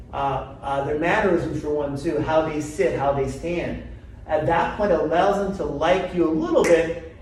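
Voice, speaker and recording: A middle-aged man, a chiropractor teaching a live seminar, who keeps quizzing his audience with quick questions. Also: high-pitched, a little mellow. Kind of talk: live seminar talk to a group. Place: seminar room. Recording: very echoey room, from far off, faint noise.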